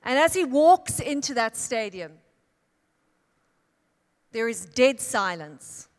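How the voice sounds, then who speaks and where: A woman born in Italy giving a keynote speech as a dramatic storyteller, building her tale with emphatic pauses and swells. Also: a little high, sing-song. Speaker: keynote speaker. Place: large conference hall. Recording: long hall reverb.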